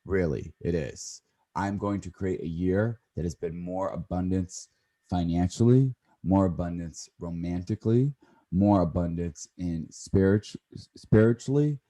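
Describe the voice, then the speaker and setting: A man's voice: low-pitched, unhurried, mellow. A man in his thirties co-hosting a podcast in casual chat, rambling and often correcting himself. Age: 30s. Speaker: podcast co-host.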